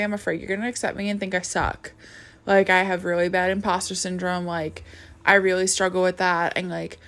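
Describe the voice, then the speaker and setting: A young woman in her twenties talking casually about her life as a podcast host, tired and yawning, rambling with many fillers and restarts. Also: medium pitch. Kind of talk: casual personal vlog talk.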